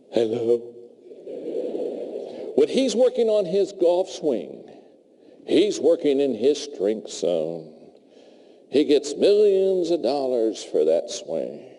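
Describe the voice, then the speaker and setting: A man giving a humorous talk to a live audience, telling stories in an animated way with playful asides. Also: mid-range voice, slight background noise, poor audio. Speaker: motivational speaker.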